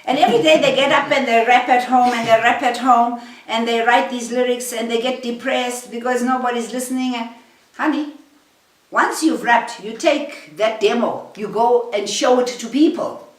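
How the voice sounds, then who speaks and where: A woman's voice: fairly high pitch, moderate pace. A South African woman giving a motivational talk to a small group, acting out little scenes and calling her listeners honey. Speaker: motivational speaker. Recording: roomy sound from a distance.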